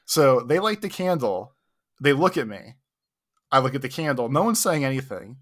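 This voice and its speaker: A man's voice: medium pitch, very animated, normal speed. A young man co-hosting a podcast, telling a long, self-mocking story in a casual, rambling way full of "like". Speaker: podcast co-host.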